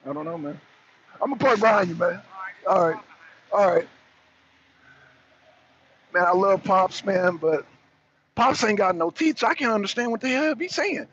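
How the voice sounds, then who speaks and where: Trucker caller, high raspy voice, rambling and profane, muffled lo-fi line. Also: male voice, animated, normal speed, pauses often, a bit bright. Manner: profane, rambling, self-interrupting. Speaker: truck driver calling in to a talk show. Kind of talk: casual chat.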